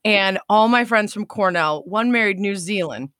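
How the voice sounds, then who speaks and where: A woman's voice: mid-range voice, moderate pace, a bit bright, no room sound, clean studio sound. A woman from the Chicago suburbs hosting an interview, playful and talkative. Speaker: interviewer host. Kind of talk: casual interview chat.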